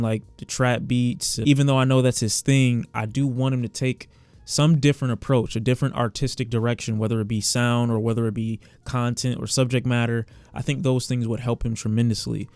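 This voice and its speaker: A man's voice: medium pitch, a little mellow, clear, resonant tone, no room sound. A man giving casual reaction commentary as a music reviewer, candid and sometimes sarcastic toward the song.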